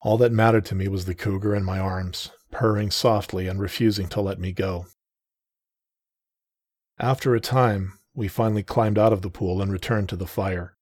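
A man reading a first-person romance story aloud in a soft, tender, measured way. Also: sits low, steady tone, slightly rough. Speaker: narrator.

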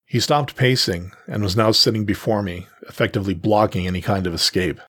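A man narrating a first-person story in a steady, measured way. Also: fairly low pitch, breathy edge, no echo.

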